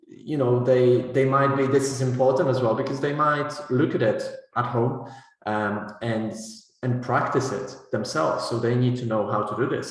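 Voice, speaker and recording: Man lecturing in a very echoey hall. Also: medium pitch. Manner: explanatory, frequent "right?" and "you know" tags. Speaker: teacher trainer. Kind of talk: webinar talk on teaching pronunciation.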